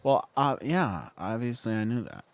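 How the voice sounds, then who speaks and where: A man's voice: mid-range voice, sing-song, normal speed, slight background noise. A man co-hosting a podcast, chatting casually and teasingly while playing a video game. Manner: teasing, muttering to himself. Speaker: podcast co-host. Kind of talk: casual live-stream chat while gaming.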